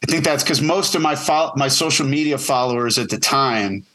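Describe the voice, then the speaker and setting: A man's voice: mid-range voice, moderate pace, sharp tone. A man who co-produces the podcast, joining as its guest for a casual, joking, rambling chat. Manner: rambling, self-correcting, joking.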